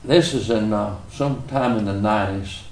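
A man's voice: fairly low pitch, moderate pace, darkish tone, roomy sound, slight background noise. A middle-aged man with a Southern US accent, preaching and telling stories in an earnest, folksy way. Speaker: pastor. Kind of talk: sermon storytelling.

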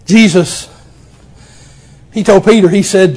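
A man, preaching with a strikingly high-pitched voice. He tells the story in a folksy, homespun way, full of exclamations and chuckles. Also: animated, normal speed, pauses often. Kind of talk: folksy sermon.

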